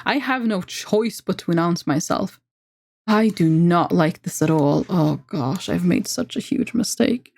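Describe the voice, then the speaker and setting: A woman's voice: on the low side, expressive, vocal fry, a little mellow. Playful woman streamer reading a game. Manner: playful, muttering asides, reads narration briskly. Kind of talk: reading a text adventure game aloud with commentary.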